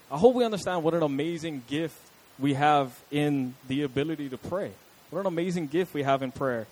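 A young man preaching in an easygoing, chatty way, sprinkling in asides to his listeners. His voice sits a little higher than most men's. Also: poor audio. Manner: conversational, chatty, fillers and asides to the audience. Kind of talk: casual sermon.

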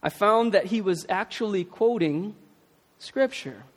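Male pastor, conversational sermon delivery, lifted pitch, reverberant church hall. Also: lively intonation, measured pace. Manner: conversational, emphatic preaching. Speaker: preacher.

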